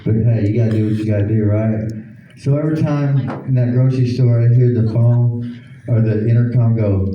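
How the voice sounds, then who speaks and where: This is a stand-up set by an Oklahoma-accented man on a comedy club stage, loosely telling stories, putting on voices and drawing laughs. His mid-range voice is steady and a little fast. The muffled, echoey recording was made from far away, and the crowd can be heard laughing.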